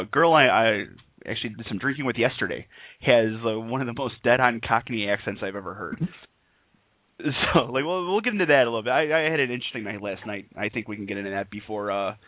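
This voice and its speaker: A man's voice: mid-range voice, fairly bright tone, no echo, rough recording. Rambling, jokey man co-hosting a radio show. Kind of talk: casual chat.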